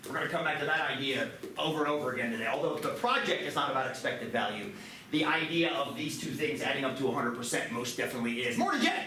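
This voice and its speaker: A man teaching a math class, lively and joking, with quick asides to his students. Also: medium pitch. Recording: roomy classroom, mic at a distance, background noise.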